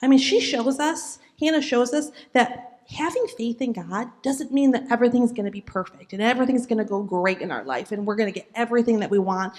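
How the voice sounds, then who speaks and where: A woman giving a children's sermon in a church, speaking gently and asking the kids questions as she tells the story. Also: on the high side. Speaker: children's message leader.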